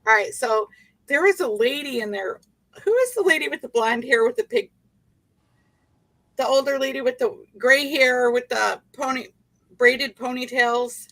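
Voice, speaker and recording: A woman's voice: high voice, moderate pace, fairly bright tone, no echo, poor audio. A woman hosting a casual livestream chat, playful and laughing often. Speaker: livestream host.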